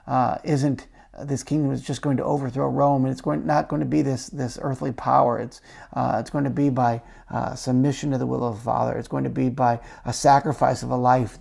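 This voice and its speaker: Male pastor, gravelly edge, chatty animated sermon delivery. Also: medium pitch. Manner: conversational, animated storytelling with asides. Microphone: camera-recorded talk.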